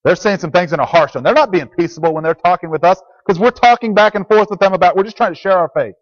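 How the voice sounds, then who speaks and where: A man's voice: sits high, quick pace. A man preaching a sermon to a congregation, earnest and plain, repeating key phrases as he teaches. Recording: dull lo-fi recording.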